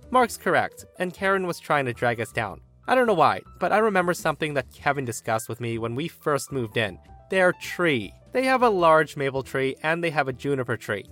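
A man narrating a story in a wry, animated way. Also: on the high side, moderate pace, hardly any pauses, soft background music.

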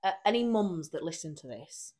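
A woman's voice: on the low side, moderate pace, slightly rough. Chatty woman telling a story. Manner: animated anecdote-telling with frequent laughter and acted quotes. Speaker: podcast co-host. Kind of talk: casual chat, storytelling.

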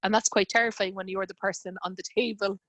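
A woman's voice: mid-range voice, level tone, fast, fairly bright tone, dry recording. A woman in her thirties telling a personal story in casual conversation, with lots of fillers and quoted dialogue.

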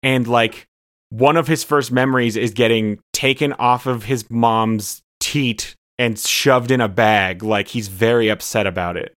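A man in casual comedic brainstorming, asking questions and talking in quick bursts. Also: mid-range voice, steady tone, a bit bright.

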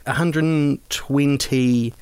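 A man's voice: medium pitch, fairly even intonation, takes it slowly, a little mellow, clear, resonant tone, no room sound. A man co-hosting a casual film-ranking chat, rambling and wry with self-deprecating asides. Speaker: podcast co-host.

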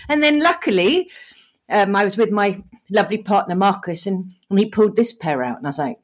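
A middle-aged woman with a lowish voice co-hosts a podcast, talking fast over a video call. She's animated and open, laughs a lot, and speaks with real emotion.

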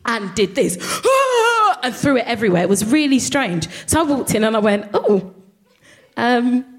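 A woman's voice: a little high, moderate pace. Woman telling a stand-up story on stage. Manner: animated, laughing, swearing. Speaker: comedian. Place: live comedy venue.

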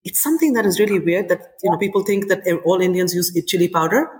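A woman in her forties, a chef and restaurant owner, talking in an interview in an animated storytelling way with many "you know"s. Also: on the low side, fast talker. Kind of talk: interview conversation. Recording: echoey room with long reverb.

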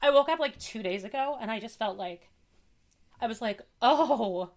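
A woman's voice: on the high side, brisk. A young woman co-hosting a podcast, telling a personal story in casual chat and acting out the other people in it. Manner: animated storytelling, acts out quoted dialogue. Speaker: podcast co-host.

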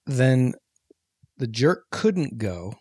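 A man with a husky, slightly breathy voice co-hosts a casual movie podcast. He talks in a relaxed, joking way and explains plot details. The sound is dry and close to the mic. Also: medium pitch, very slow, dry recording. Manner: laid-back, jokey, explains plot points. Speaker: podcast co-host.

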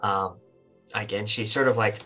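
Bright-voiced game master narrating. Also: male voice, on the low side, faint music behind, low-quality recording. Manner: relaxed, halting narration with fillers.

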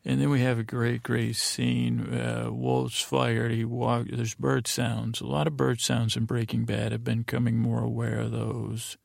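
A man with a very gravelly, fry-laden voice, talking in a flat, level tone. He recaps scenes in a slow, wandering ramble full of restarts. The sound is close and completely dry. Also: medium pitch, no room sound. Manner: meandering, monotone, full of fillers and restarts. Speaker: podcast host.

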